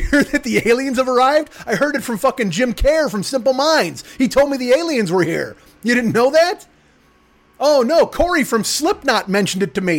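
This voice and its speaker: A man tears through a profane comic rant, his voice sitting high. He jumps between asides and mock outrage without pausing. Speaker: podcast host.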